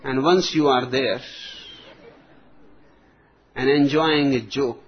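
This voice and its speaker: A man giving a spiritual discourse as a teacher, speaking slowly and deliberately with long pauses. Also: medium pitch, fairly even intonation, slight background noise. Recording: dull lo-fi recording.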